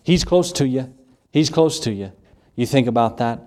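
Brief: middle-aged male pastor, earnest and repetitive, mid-pitched, evening church sermon. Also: normal speed, a little mellow. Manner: earnest, repetitive preaching with Scripture quotes and folksy asides.

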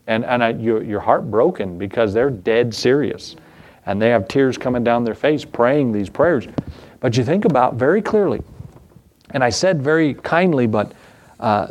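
A man delivers an evening church sermon as the preacher. He fires off rhetorical questions that climb in pitch and repeats key phrases to press his point home. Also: animated, moderate pace.

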